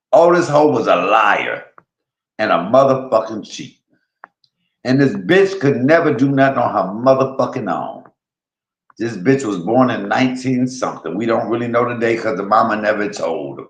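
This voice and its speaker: A man's voice: lowish voice, animated, normal speed, echoey room, rough recording. A man hosting a stream, delivering a vulgar roast rant full of repeated taunts and insults. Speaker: streamer host.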